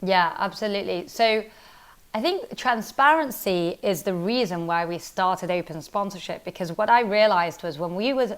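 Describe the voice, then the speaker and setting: A woman who founded a company, talking casually in an interview, quick and animated, full of "like" and "literally". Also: medium pitch. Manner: fast, animated, heavy use of "like" and "literally". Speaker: startup founder and CEO, interview guest.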